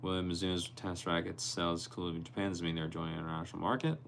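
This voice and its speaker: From his bedroom, a young man hosts a relaxed livestream, reading out viewers' comments and replying to each by name. His very low, deep voice is creaky and fast, and a faint hum sits behind it in this casual livestream chat.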